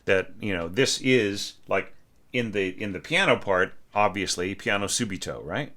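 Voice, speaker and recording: A man's voice: on the low side, expressive, normal speed, bright, forceful tone. A man teaching orchestration, talking through a student's score and singing the phrases aloud on "da" syllables, often checking in with "right?". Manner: frequent rhetorical "right?" checks. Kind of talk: spoken critique of a score.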